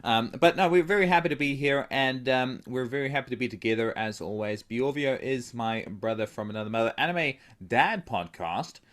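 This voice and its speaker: A man's voice: medium pitch, normal speed, hardly any pauses, a bit bright. Male co-host, mid-range voice, playful improvised podcast talk. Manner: joking, teasing, with many fillers and laughs.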